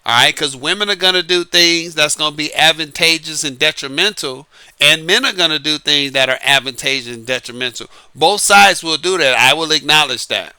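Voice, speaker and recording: A man from New Orleans, Louisiana with a light Southern accent talks through dating advice in a casual, emphatic monologue, repeating his points and chuckling between them. His voice is on the high side, brisk and sharp, with a clear, resonant tone and no room sound.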